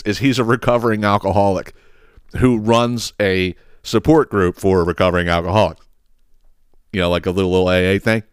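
A man's voice: deep voice, clear, resonant tone, dry recording, studio quality. A man hosting a podcast, ranting with heavy profanity and sarcastic mocking impressions. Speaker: podcast host. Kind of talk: ranting solo podcast monologue.

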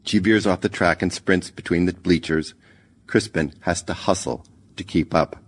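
A man narrating a short story in a measured, even reading. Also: sits low, breathy edge. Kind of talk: scripted narration.

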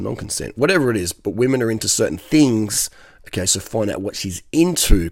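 Brief: man, low husky voice, blunt and profane, rambling advice monologue. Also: no room sound. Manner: rambling, swears freely, keeps checking in with "okay?". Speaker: dating advice speaker.

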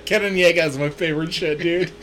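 A man's voice: on the high side, lively intonation, moderate pace, a bit bright. A man hosting a podcast in casual chat, joking crudely and swearing a lot. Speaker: podcast host.

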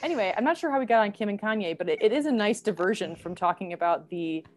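A woman's voice: medium pitch, expressive, fast. Chatty woman co-hosting a podcast. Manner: chatty, laughs often, fillers. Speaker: podcast co-host. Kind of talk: casual chat.

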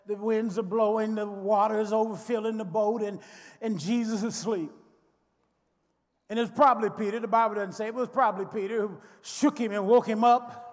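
A male pastor preaching a sermon dramatically, swinging from soft delivery to shouting. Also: high-pitched, fairly even intonation, brisk. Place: large church sanctuary. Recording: long church reverb.

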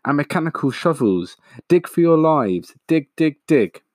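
A man's voice: medium pitch, animated, normal speed, a little mellow, dry recording, studio quality, lightly acted. A man voicing an anxious father fox urging his family on with an urgent, pleading manner.

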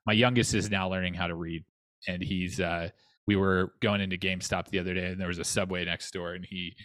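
A man's voice: deep voice, little pitch movement, a little fast, a bit bright, no echo. A man who lives in North Texas, chatting casually as a podcast co-host, rambling with lots of restarts and fillers. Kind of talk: casual chat.

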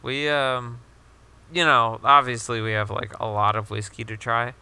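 Young man, podcast co-host, casual chat, rambling, filler-heavy, swears, bright tense voice. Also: mid-range voice, little pitch movement, unhurried, clear, resonant tone.

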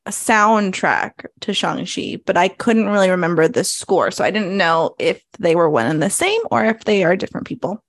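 A woman's voice: fairly low pitch, animated, normal speed, few pauses, dry recording, studio quality. A woman co-hosting a podcast in a casual, chatty way, laughing often. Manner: chatty, giggly, easygoing. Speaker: podcast co-host. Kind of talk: casual chat.

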